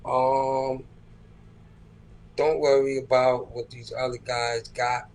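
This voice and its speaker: A man's voice: mid-range voice, rough recording. A man, a rapper and producer, talking in a laid-back, slangy, profane way in a casual interview. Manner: laid-back, slangy and profane, with frequent "you know what I'm saying".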